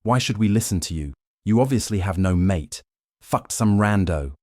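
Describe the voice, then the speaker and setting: A man voicing a spiteful woman from a werewolf pack who speaks in a shrill, loud, sneering way. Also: animated, moderate pace, dry recording, clean studio sound.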